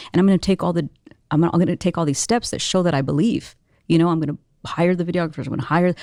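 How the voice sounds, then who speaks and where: A woman guest in an interview, telling a personal story in an animated, expressive way, full of casual "like"s. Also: low voice, no echo, clean studio sound. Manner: animated, expressive, many filler "like"s.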